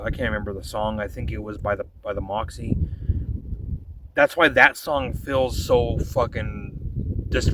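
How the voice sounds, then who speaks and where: A young male vlogger in a casual storytelling mode, swearing freely as he vents his annoyance. He sits back from the mic, so his voice lands a little distant, with steady noise running underneath. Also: mid-range voice. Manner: profane, exasperated ranting.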